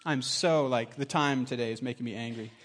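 A middle-aged man preaching a sermon, telling stories with lively, animated delivery and acting out other people's voices. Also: a little fast. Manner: animated storytelling, acts out voices with big pitch jumps. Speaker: pastor.

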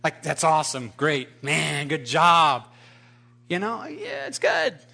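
A man's voice: a little high, huge pitch swings, slow pace, creaky, bright, forceful tone, full character voice. A man voicing a nervous young male missionary in a sermon story, sheepish and joking.

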